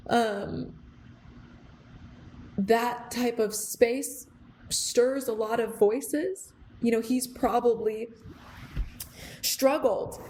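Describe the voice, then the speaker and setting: Young woman podcast host rambling thru a story, lotsa fillers, kinda high voice, faint hiss behind. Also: darkish tone. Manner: earnest, rambling with many fillers and restarts; gets emotional, close to tears. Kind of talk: reflective storytelling monologue.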